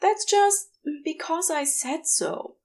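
A woman voicing an anxious, earnest young boy who speaks in a halting, pleading way. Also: very high-pitched, lively intonation, darkish tone, full character voice. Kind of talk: audiobook character reading.

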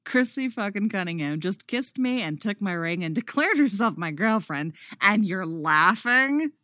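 A woman's voice: medium pitch, big pitch swings, moderate pace, dry recording, studio quality, close to an everyday voice. A woman reading the lines of a wry, teasing teenage boy in a storybook romance, in a playful voice with mock outrage.

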